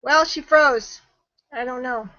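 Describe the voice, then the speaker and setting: A woman's voice: sits high, takes it slowly, bright, forceful tone, muffled recording. A woman guest answering questions in a webinar chat, chatty and laughing often, often trailing off mid-sentence over a video call. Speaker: guest marketing trainer.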